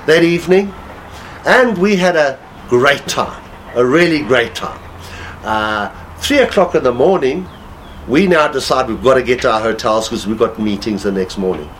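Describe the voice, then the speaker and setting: Animated man telling a drinking story. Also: mid-range voice, unhurried, slight background noise, low-quality recording. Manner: animated storyteller, laughs while talking. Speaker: guest telling stories. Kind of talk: casual anecdote telling.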